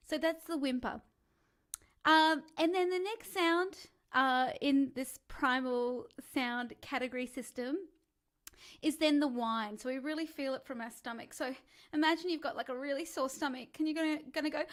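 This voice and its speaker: Speaking at a normal speed in a high-pitched voice, a woman runs a live-streamed singing lesson as its coach. Her manner is chatty and encouraging, and she shows off vocal sounds including sighs, whimpers, and calls.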